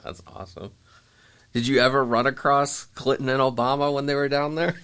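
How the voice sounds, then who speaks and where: A man hosting a podcast interview, asking short questions in a quiet manner. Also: mid-range voice, fairly even intonation, fairly quick, clear, resonant tone. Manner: quiet, brief backchannel replies. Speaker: podcast host. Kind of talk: casual interview.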